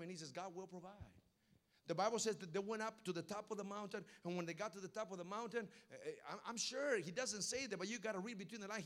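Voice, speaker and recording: Man, pastor, high-pitched, preaching in a lively storytelling way. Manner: storytelling, building to loud emphatic preaching. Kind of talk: sermon.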